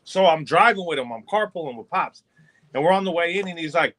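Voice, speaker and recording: Podcast co-host, man, high voice, profane storyteller who acts out quotes. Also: animated, quick pace, a bit bright. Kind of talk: casual storytelling among friends.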